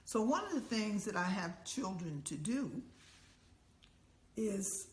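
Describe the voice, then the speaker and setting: A woman's voice: mid-range voice, slow. Older woman storyteller in an echoey room. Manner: lively, acts out voices and chants in quotes. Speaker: elder storyteller. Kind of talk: oral storytelling. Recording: echoey room with faint ambience.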